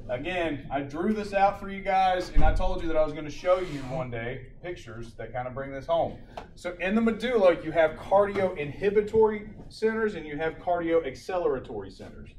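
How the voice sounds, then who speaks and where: A man teaching a paramedic class, telling a lively story and then lecturing, recorded from across the room. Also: on the high side, fairly quick, a crowd in the background. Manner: animated storyteller, acts out loud shouted quotes. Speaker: paramedic instructor. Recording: echoey classroom from a distant mic, faint room noise.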